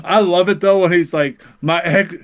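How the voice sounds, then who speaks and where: A man's voice: high voice, fairly even intonation, moderate pace. A man co-hosting a crude comedy podcast, playing the exasperated straight man who swears and pushes his partner to get on with it. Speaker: podcast co-host.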